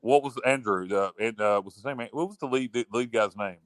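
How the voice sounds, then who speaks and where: A man's voice: medium pitch, brisk, smooth, no echo. A man hosting a casual sports talk show, boastful and rambling, often repeating himself.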